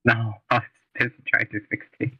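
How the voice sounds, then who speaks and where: A man's voice: medium pitch, flat delivery, fairly quick, a crowd in the background. A man co-hosting a casual podcast over a call, his audio sounding tinny like an intercom. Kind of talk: casual group podcast discussion.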